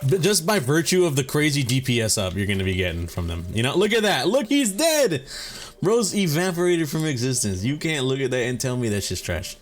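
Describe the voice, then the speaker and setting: A man's voice: mid-range voice, sing-song, fast talker, few pauses. A man hosting a gaming let's play, rambling and cursing casually with lots of filler words and joking swagger. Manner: mock-serious swagger mixed with jokes. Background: faint game music.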